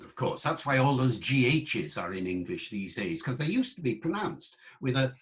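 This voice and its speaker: A male lecturer giving an online talk, explaining patiently and sounding out words slowly to demonstrate them. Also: medium pitch, big pitch swings, fairly bright tone. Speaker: lecturer on the English language.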